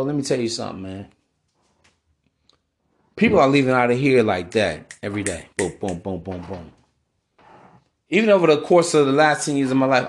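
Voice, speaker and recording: A man hosting a podcast monologue, preachy and casual, with slang and constant "man" and "bro.". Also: medium pitch. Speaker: podcast host.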